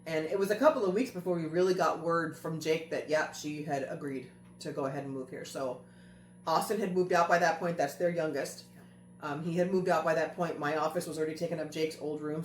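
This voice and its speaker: An earnest woman host recounts a family story in casual chat, her voice sitting on the low side. She leans on repetition to stress her points. The room rings with echo, and faint music plays underneath. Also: fairly even intonation, brisk. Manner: earnest, repeats phrases for emphasis.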